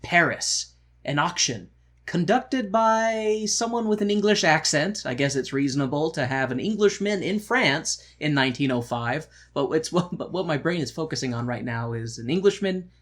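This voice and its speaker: A man's voice: fairly high pitch, expressive, moderate pace, a bit bright. A man co-hosting a podcast, chatting casually and joking with sarcastic asides and frequent laughs. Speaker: podcast co-host. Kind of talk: casual chat reacting to a musical.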